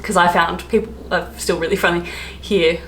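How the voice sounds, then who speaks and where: A woman's voice: fairly low pitch, steady tone, moderate pace, fairly bright tone, a little hiss or hum. An Australian woman vlogging in casual chat, rambling with lots of fillers and asides. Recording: echoey room.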